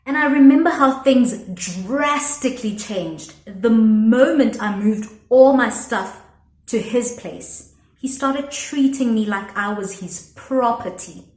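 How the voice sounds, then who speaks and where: A young woman with a South African accent tells her story in a sassy, animated way, tossing in Zulu slang. Her voice sits on the high side. It rings in an echoey room. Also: slow pace. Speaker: vlogger. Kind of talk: storytime vlog.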